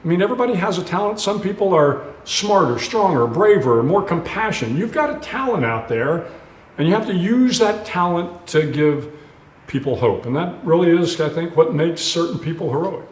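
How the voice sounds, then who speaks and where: A man's voice: a little high, expressive, moderate pace. A man in his sixties, an author and retired admiral, telling personal stories earnestly in a live onstage conversation, with frequent restarts and fillers. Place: live event stage. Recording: roomy hall sound.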